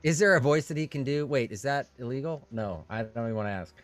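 A man running a tabletop game as game master, halting, with many fillers and restarts. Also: mid-range voice, expressive, heavy background noise.

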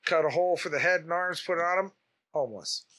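A man co-hosting a casual podcast, animated and joking, launching into comic bits. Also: a little high, fast talker. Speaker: podcast co-host.

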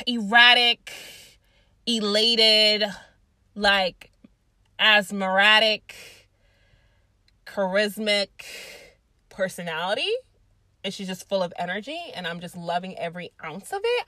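Bright-voiced young woman telling a story. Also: mid-range voice, no echo. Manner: profane, animated storytelling with lots of fillers. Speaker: vlogger. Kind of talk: casual storytime chat.

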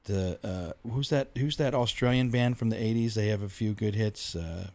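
A man's voice: lowish voice, moderate pace, a little mellow. A man co-hosting a podcast in casual chat, rambling through stories with mock-outraged quotes. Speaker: podcast co-host.

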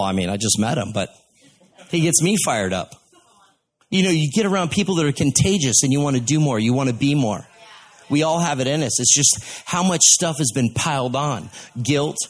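A man preaching in a relaxed, chatty way, moving easily from point to point and leaning on homespun stories. His voice sits at an ordinary middle pitch, and he sounds like he is talking with the crowd rather than at it. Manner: folksy storytelling, conversational. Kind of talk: sermon.

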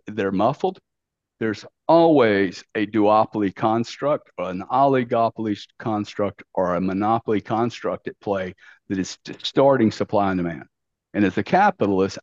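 A middle-aged man with a fairly low, darkish voice tells stories as a podcast guest, brash and blunt, packed with slang and swearing. It's a casual storytelling interview, and the recording is dull, dry and lo-fi.

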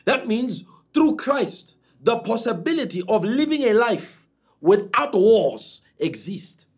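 Man preaching, high voice, husky, swoops way up and down. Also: big pitch swings, takes it slowly. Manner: emphatic preaching with dramatic pitch swings. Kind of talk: sermon.

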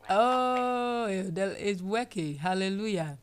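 A woman preaching a sermon, animated, acting out people's complaints in playful voices. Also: medium pitch, a little slow.

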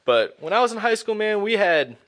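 Bright-voiced young man telling stories. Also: high voice, brisk. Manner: animated storyteller, acts out quoted voices. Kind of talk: casual chat.

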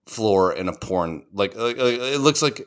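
A man with a fairly low voice talks through a casual podcast chat. He rambles and swears freely as he tells his stories. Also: lively intonation, unhurried. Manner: rambling, profane storytelling. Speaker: podcast co-host.

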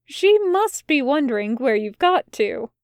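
A woman's voice: sits high, sing-song, unhurried, darkish tone, no room sound, clean studio sound, exaggerated voice. A woman voicing a courteous, fussy male angel who is easily flustered.

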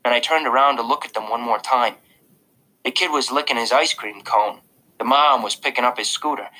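A man's voice: mid-range voice, bright, forceful tone, low-quality recording. A man reading a first-person audiobook narration in a casual, confiding way.

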